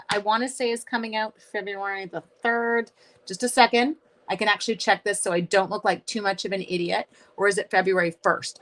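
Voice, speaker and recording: A woman's voice: mid-range voice, sharp tone. A woman hosting a live card-making tutorial, chatting bubbly and self-deprecating with viewers by name. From Canada. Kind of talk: live crafting tutorial chat.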